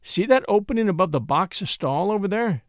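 A man's voice: high-pitched, lively intonation, fairly quick, dry recording, studio quality. A man reading an audiobook, voicing a gallant young male attorney who pants and jokes dryly. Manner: panting, dryly humorous.

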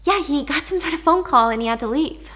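A woman's voice: sits high, animated, a little fast, pushed and bright, slight background noise, pitched above the performer's own voice. A woman voicing a nervous young male employee who stammers and gets defensive.

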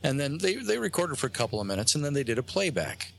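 A man, a guest on a talk show, tells a long story in a halting way, with many fillers and restarts. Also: mid-range voice, sing-song, vocal fry, a bit bright. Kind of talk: casual storytelling on a radio show. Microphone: phone line.

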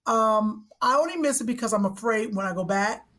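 A woman podcast host with a slightly high voice chats casually with a guest. She teases and exclaims often, in an easy conversational tone. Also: brisk, a bit bright. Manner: exclamatory, teasing.

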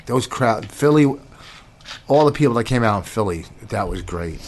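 A man's voice: on the low side, expressive, normal speed. A middle-aged man co-hosting a podcast, chatting casually in a dry, teasing, long-suffering way. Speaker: podcast co-host, comedian. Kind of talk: casual bickering chat.

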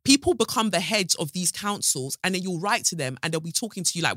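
Woman, podcast host, impassioned monologue, swearing, bright voice, dry close sound. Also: fairly low pitch, animated, brisk, dry recording. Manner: angry, swearing, emphatic repetition; reflective, thinking aloud.

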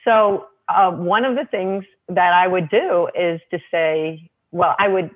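A woman's voice: lowish voice, measured pace. A woman guest author telling parenting anecdotes in casual chat, full of "you know" and small restarts. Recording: tinny phone line.

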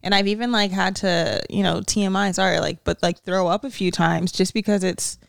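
A woman's voice: mid-range voice, fairly even intonation, a little fast, creaky, no room sound, clean studio sound. A pregnant young woman co-hosting a podcast, chatting candidly about her week and laughing often. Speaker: podcast co-host. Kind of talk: casual chat.

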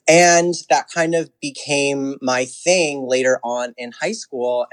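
A young man from New Jersey, a drag performer guesting on a podcast, bubbly and crisply enunciated. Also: medium pitch. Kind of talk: casual chat.

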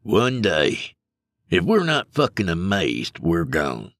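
A man's voice: low voice, wildly swooping pitch, takes it slowly, a bit bright, no room sound, studio quality, exaggerated voice. A man voicing a blunt, impatient, foul-mouthed male hunter.

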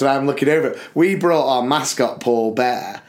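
A man, a podcast co-host and school sports coach, telling a story in an animated chat and acting out excited shouts. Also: mid-range voice, moderate pace.

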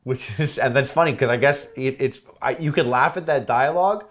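A man hosting a casual podcast chat who reads game quotes aloud with quick impressions and laughs often. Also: mid-range voice. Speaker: podcast host.

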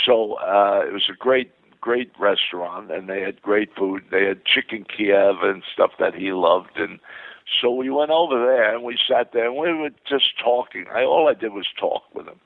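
Older guy on the phone, gravelly, tinny line, keeps restarting his stories, all excited. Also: fairly low pitch, normal speed, dry recording. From Queens, New York. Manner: rambling, enthusiastic anecdotes with many restarts. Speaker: guest. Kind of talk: phone interview storytelling. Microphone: telephone.

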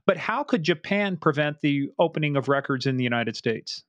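A man's voice: a little high, animated, a little fast, no echo, dull audio. A man hosting a podcast, chatting casually, joking and asking his guest questions. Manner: joking, laughs easily, asks questions. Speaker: podcast host. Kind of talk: casual chat interview.

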